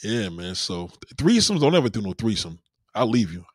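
A man hosting a podcast, telling crude stories in an animated, profane monologue. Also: lowish voice, moderate pace, no room sound, studio quality. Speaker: podcast host. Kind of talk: casual comedic monologue.

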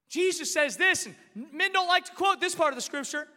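A man with a very high, bright voice delivers an impassioned sermon in a reverberant church hall. He swings from forceful declarations down to soft, hushed passages. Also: a little fast, few pauses. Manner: impassioned preaching, rising and dropping to a hush. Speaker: pastor.

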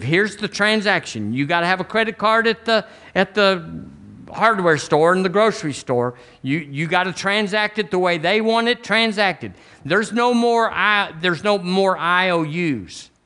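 A man's voice: high voice, pushed and bright. Southern man preaching an emphatic sermon. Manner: emphatic preaching with folksy asides and acted-out quotes. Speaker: pastor.

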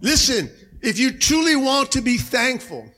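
High-pitched shouting pastor preaching. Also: male voice, sing-song, a little slow. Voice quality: a little raspy. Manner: shouting calls of "come on" and "amen" to the congregation. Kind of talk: energetic sermon. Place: church sanctuary.

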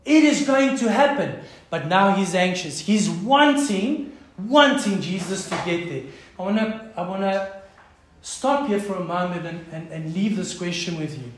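South African preacher in an echoing hall. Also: male voice, high voice, expressive, a little slow, slight background noise. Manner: impassioned preaching, swinging from loud to hushed. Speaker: pastor. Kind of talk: sermon.

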